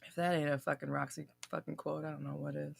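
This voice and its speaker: A woman's voice: deep voice, flat delivery, fast, creaky, breathy edge, no echo. A young woman hosting a live Q&A stream, casually reading out viewer comments, blunt and swearing freely, laughing often as she scolds.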